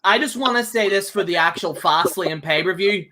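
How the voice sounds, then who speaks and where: A man's voice: high voice, normal speed, background noise. A man co-hosting a casual wrestling talk show, ranting angrily with lots of swearing and repetition. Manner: angry, profane, repeats himself, keeps ending with "okay?". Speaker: co-host. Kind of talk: casual podcast rant.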